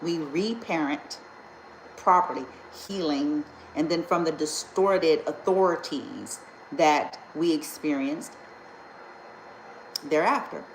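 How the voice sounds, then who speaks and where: A woman's voice: low voice, expressive, slow pace, reverberant, a little hiss or hum, rough recording. A woman speaking as a spiritual healer in a casual vlog, blunt, indignant and emphatic, and she swears freely.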